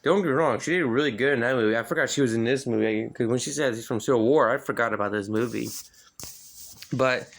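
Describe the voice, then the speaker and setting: A man reviews movies in a casual video, rambling with plenty of fillers and swearing freely. He's animated, and his pitch leaps suddenly whenever he gets worked up.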